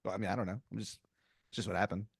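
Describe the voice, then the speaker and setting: A man's voice: lowish voice, fairly even intonation, rapid-fire, creaky, husky, no room sound, studio quality. A man narrating an improvised comedy story as game master, rambling with lots of "like" and restarts. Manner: rambling, full of "like" and restarts, many acted quotes.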